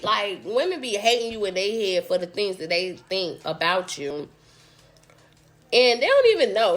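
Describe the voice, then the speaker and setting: A woman's voice: mid-range voice, animated, moderate pace. A young woman vlogger telling a story casually while she eats, blunt and profane.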